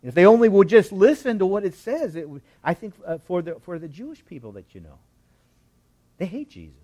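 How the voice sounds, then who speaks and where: A man's voice: sits high, fairly quick. A man preaching a sermon, teaching through a Bible passage verse by verse and acting out the characters' lines with sarcasm and frequent chuckles. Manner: animated, voices the scripture characters with sarcasm; chuckles often while teaching. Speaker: pastor.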